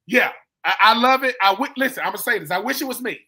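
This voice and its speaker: A man, a former player, telling stories with animated emphasis on a live-streamed sports talk show. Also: extremely high pitch, fast, husky. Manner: animated storytelling, emphatic repetition. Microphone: live stream call.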